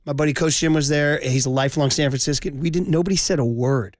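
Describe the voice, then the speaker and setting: A man's voice: on the high side, quick pace, no echo. A man in his forties hosting sports talk radio, telling heartfelt fan stories with passion and saying "dude" a lot.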